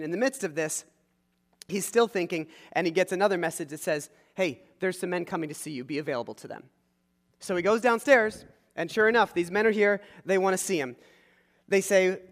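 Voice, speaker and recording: High-voiced pastor preaching in a reverberant hall. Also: male voice, a little fast. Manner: animated storytelling, acting out voices in paraphrase. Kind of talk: sermon.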